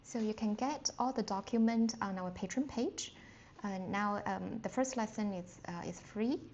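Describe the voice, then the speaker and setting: A woman teaching a live online Mandarin lesson, speaking slowly and patiently with frequent fillers and quick apologies, jumping to a high sing-song pitch to demonstrate tones. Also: darkish tone, lo-fi sound, slight background noise.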